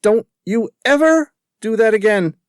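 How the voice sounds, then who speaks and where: A male narrator voicing a fiery, defiant young woman in an audiobook, with sharp, indignant outbursts. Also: fairly high pitch, normal speed, no echo, studio quality, voice pushed up, close to an everyday voice.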